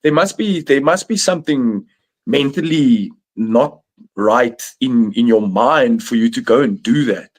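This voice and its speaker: A man's voice: medium pitch, measured pace. A man on a streamed video call, rambling through his opinions with many likes and restarts. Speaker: podcast panelist. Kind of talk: casual chat.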